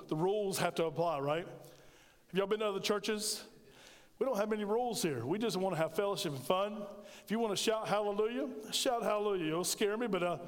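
Male pastor, middle-aged, high voice, animated storyteller, long church reverb. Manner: storytelling, animated, jokes with congregation. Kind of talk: sermon.

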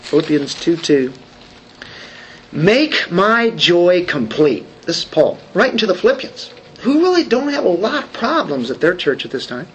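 A man's voice: high-pitched, wildly swooping pitch, brisk, slight background noise. A man preaching a sermon, talking conversationally and asking the congregation questions. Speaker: pastor.

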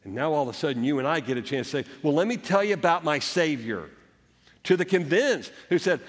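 A male pastor delivers an earnest sermon in a slightly raised voice. He now and then acts out the doubts of his listeners and the gentle words he puts in Jesus' mouth. The recording carries the long reverb of a church hall. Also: on the high side, lively intonation, a little fast. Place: church sanctuary.

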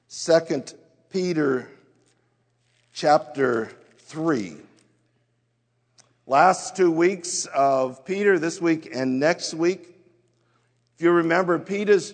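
Guy preaching a sermon, kinda high voice, long echo in a big hall. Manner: storytelling, acting out quoted voices. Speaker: pastor. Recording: hall reverb.

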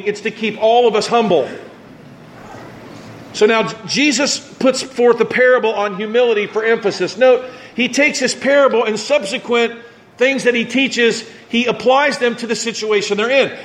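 A man's voice: high-pitched, a bit bright, a little hiss or hum. A male pastor preaching a conversational sermon, acting out mock voices as he talks.

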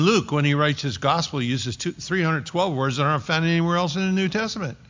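A man preaching a sermon, slow and emphatic, with dramatic pauses. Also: mid-range voice, creaky. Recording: dull lo-fi recording.

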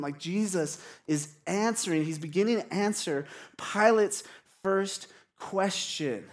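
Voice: mid-range voice, takes it slowly. A pastor preaching in a casual, conversational way, stopping to ask the congregation questions. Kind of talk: sermon.

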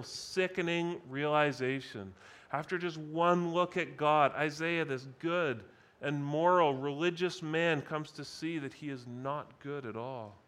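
At a conference session, a man delivers a sermon deliberately and emphatically, repeating key phrases to give them weight. His voice is slightly high and a bit bright, with a clean tone.

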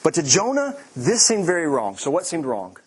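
A man's voice: a little high, normal speed, husky. A man preaching a sermon, with joking asides and acted-out quotes. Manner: animated, joking asides, acts out quoted lines. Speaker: pastor.

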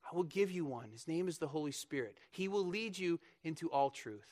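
A young man preaching a lively, joking sermon in church, bursting into loud mock voices. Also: a little high, a little fast. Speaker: pastor.

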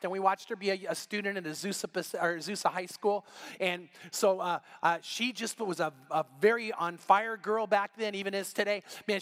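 A middle-aged man preaching a sermon, telling a story with lively voiced quotes. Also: high-pitched. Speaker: pastor.

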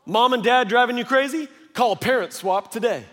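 Male pastor, high voice, lively storyteller preaching in a big reverberant church. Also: normal speed. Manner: animated storytelling with acted quotes. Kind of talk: sermon. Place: large church hall. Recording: long hall reverb.

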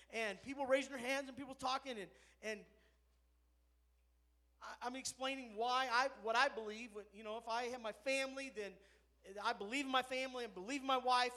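Man preaching in a church, storytelling sermon that swells to fervent near-shouting, strikingly high voice with a sharp, bright edge. He keeps the story moving and leans hard on the punchlines of faith. The delivery is a pastor's own, not a performance. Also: a little fast.

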